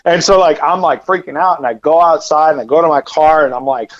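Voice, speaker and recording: A man telling a personal story as a podcast guest, rambling and animated, with lots of fillers and repeated words. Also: on the high side, a little fast, highs cut off. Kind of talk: casual storytelling.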